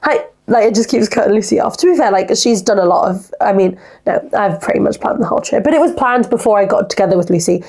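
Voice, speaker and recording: A woman's voice: medium pitch, quick pace, few pauses, a little mellow, slightly rough. A young woman, hosting a casual solo podcast in a rambling, chatty way full of "like". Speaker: podcast host.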